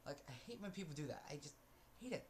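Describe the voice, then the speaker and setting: A man's voice: on the high side, animated, quick pace, darkish tone, a little hiss or hum. Aggrieved man ranting with heavy sighs. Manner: rambling with restarts and fillers. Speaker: vlogger. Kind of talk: casual storytelling rant.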